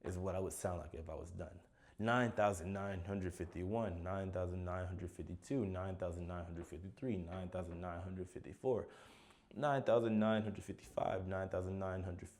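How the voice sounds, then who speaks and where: A tired man counts numbers aloud one after another for a video meant to help people fall asleep. His voice sits very low, and he plods along wearily, sighing and losing track now and then. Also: fairly even intonation, moderate pace, a little mellow. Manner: tired, plodding counting with sighs and slips. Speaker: content creator. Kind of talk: slow counting for sleep.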